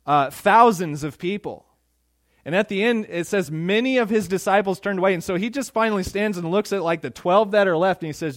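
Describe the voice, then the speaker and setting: A man preaching a sermon in a conversational, animated way, acting out quotes. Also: high voice, moderate pace, no room sound, clean studio sound. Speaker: pastor.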